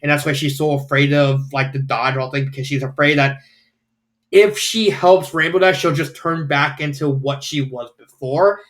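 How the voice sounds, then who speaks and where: A man's voice: on the high side, fairly even intonation, normal speed, fairly bright tone. A man casually reviewing fanfiction, rambling with lots of fillers and the odd swear word.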